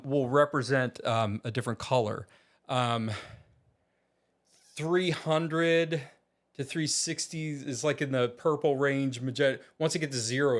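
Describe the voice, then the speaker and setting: A man from Virginia chats in a relaxed vlog from his home studio. He rambles, restarts his sentences and fills pauses with ums at a mid pitch. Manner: chatty, rambling with many fillers and restarts. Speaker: vlogger. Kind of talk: casual vlog.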